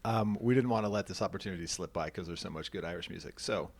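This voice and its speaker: A man's voice: low-pitched, quick pace, creaky, darkish tone, slight background noise. A man hosting a podcast in casual, joking chat, rambling a little with ums. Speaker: podcast host.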